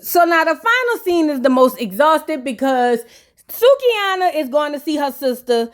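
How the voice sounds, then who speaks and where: A woman's voice: sits high, very animated, normal speed. A woman giving a blunt, slang-filled recap of a reality show, acting out quotes as she goes. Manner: sassy, blunt, slangy, acts out the cast's quotes. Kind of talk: casual recap with commentary.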